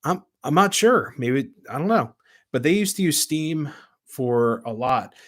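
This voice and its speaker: A man's voice: a little high, lively intonation, measured pace, fairly bright tone. Chatty American man hosting a rambling live stream. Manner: rambling, chatty, reads and answers viewer comments. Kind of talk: casual live-stream chat. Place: home room with model trains. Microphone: camera mic at his desk.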